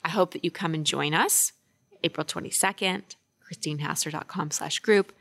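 A woman's voice: deep voice, normal speed, vocal fry, fairly bright tone, no echo. A woman relationship coach co-hosting a casual podcast chat, talking in an earnest, upbeat way.

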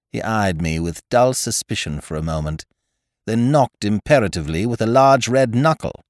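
A man narrating a story in an expressive, animated reading on a close microphone. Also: lowish voice, normal speed, dry recording. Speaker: podcast narrator.

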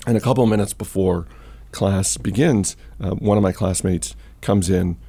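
A man's voice: sits low, normal speed, creaky, dark tone, breathy edge. A man hosting a podcast, telling stories and chatting casually about markets, with many fillers and restarts. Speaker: podcast host. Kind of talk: casual storytelling and market chat.

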